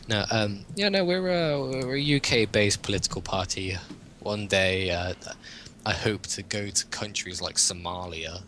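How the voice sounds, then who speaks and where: A man's voice: on the low side, measured pace, a bit bright, a little hiss or hum. A young man hosting a casual chat, rambling and joking and laughing often. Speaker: podcast host.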